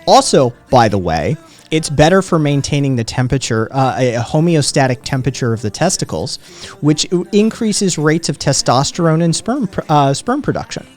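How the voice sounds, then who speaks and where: A man's voice: a little high, expressive, moderate pace. Brash guy on his livestream, teasing viewers and swearing, faint music behind. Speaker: livestream host. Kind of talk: casual livestream chat answering viewers.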